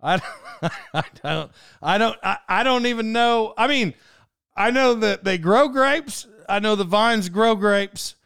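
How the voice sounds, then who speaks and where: Brief: male podcast host, clear and a bit high, chatty and rambling, dry close sound. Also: unhurried, a bit bright, no room sound. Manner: rambling and self-interrupting, laughs often. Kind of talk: casual monologue.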